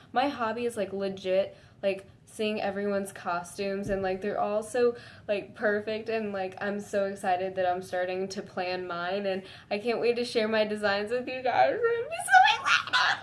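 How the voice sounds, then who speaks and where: A woman vlogging to her viewers in a gushing, excitable way, full of "like" fillers and breaking into high squeals. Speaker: fan vlogger. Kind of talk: casual chat to camera.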